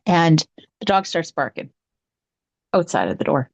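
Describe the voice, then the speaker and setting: A middle-aged psychic podcast co-host tells a true ghost story in casual chat, animatedly acting out the quoted voices with big pitch jumps. Her delivery is unhurried and creaky, with lo-fi sound and no room sound.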